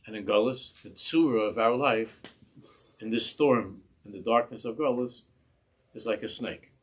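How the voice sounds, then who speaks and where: A husky, fairly low-voiced man teaches a Torah class in a synagogue. He speaks passion, circles back over his words and stretches out the phrases he quotes. His voice sits on the low side and carries a grainy, breathy edge. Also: fairly bright tone. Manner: impassioned, repeats and restarts words, slows on quoted phrases. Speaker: rabbi giving a Torah class.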